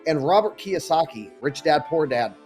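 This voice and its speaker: A man's voice: on the high side, lively intonation, moderate pace, darkish tone, soft background music. A man hosting a live market and crypto stream, talking casually with hyped-up greetings. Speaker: show host.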